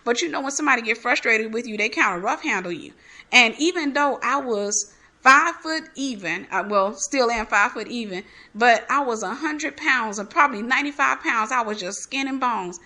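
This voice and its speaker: A woman's voice: on the high side, lively intonation, moderate pace, pushed and bright. A woman giving a candid personal testimony, telling her story animatedly and acting out the dialogue. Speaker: ministry host giving testimony.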